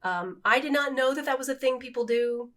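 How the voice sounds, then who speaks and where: Speaking briskly in a voice that sits high, a middle-aged podcast co-host keeps the casual chat animated. She pokes fun at herself and laughs whenever she slips up.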